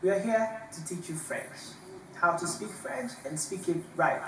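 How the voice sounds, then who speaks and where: A man's voice: high-pitched, measured pace, slight background noise. A man teaching French in a casual lesson, repeating phrases for learners and switching between French and English. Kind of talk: casual language lesson to camera. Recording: echoey room, distant mic.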